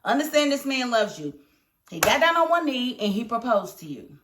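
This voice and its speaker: A woman reviewing a TV episode in casual commentary, animated and emphatic, scolding the characters. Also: fairly high pitch, normal speed, roomy sound, noisy background. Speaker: TV show reviewer.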